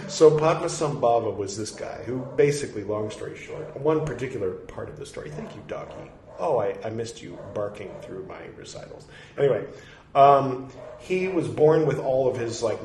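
This man's mid-range, slightly mellow voice carries a casual podcast commentary on a reading, loose and facetious with constant digressions. There's roomy echo and faint noise in the background.

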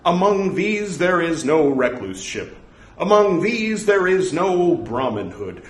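A man's voice: a little high, big pitch swings, a little slow, roomy sound, pitched above the performer's own voice. A man reading the part of an indignant Brahmin husband from scripture, speaking scornfully. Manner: scornful, denouncing.

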